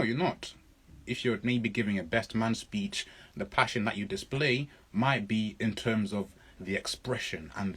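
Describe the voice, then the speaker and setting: A man's voice: on the low side, breathy edge. A man coaching public speaking in a live question-and-answer lesson, talking emphatically, repeating his points and answering viewers' comments.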